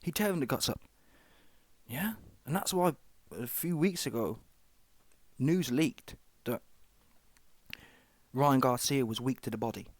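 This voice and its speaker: A man's voice: mid-range voice, lively intonation, measured pace, pauses often, no echo. A man hosting a comic reaction commentary, slangy and rambling, often asking "yeah?" and "see that one?". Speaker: comedy reaction host.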